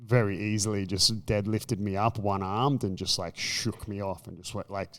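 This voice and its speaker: An Australian man in a casual chat, telling animated stories and acting out quotes. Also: lowish voice, normal speed. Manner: animated storytelling, acts out quotes. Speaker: podcast guest.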